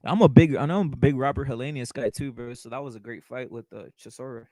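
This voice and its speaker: A young man hosting a relaxed fight talk stream, his voice mid-pitched and close on a dry mic. He is blunt and profane, circles back to the same phrases and keeps calling the audience brother while he answers live chat. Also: quick pace, no echo, low-quality recording. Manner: blunt, profane, repeats himself, calls viewers brother; reacts to live chat comments. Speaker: boxing talk show host. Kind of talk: casual livestream chat.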